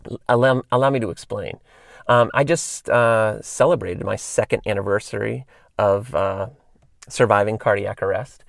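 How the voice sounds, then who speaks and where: A man's voice: medium pitch, creaky, dry recording, studio quality. A man in his thirties, hosting a solo podcast and telling rambling casual stories full of fillers and tangents. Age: 30s. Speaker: podcast host.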